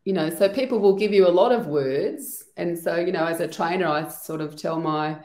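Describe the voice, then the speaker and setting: A woman's voice: on the low side, moderate pace, warm tone. A woman, an EFT trainer, explaining her work in a casual, thinking-aloud way on a video call. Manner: chatty, thinks aloud with many "you know" asides. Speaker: EFT trainer and trauma practitioner guest. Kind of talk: casual explanatory interview talk. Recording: echoey room.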